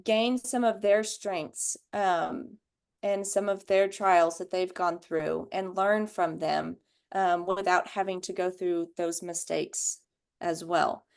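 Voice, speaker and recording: Woman, unhurried, thoughtful, many ums, low-ish voice. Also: fairly even intonation, vocal fry, a little mellow. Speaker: book study participant. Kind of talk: casual group discussion.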